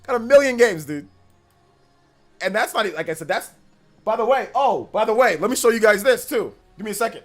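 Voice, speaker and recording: A man hosting a casual gaming live stream, excitable, repeating himself and laughing at himself as he talks. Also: high voice, fairly quick, long pauses, faint music behind.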